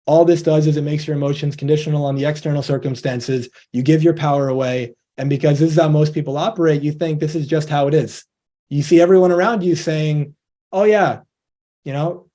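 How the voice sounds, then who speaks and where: A man's voice: a little high, dark tone. A man giving a motivational talk in a conversational, earnest way, who acts out the voices of people he quotes. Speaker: investor education presenter.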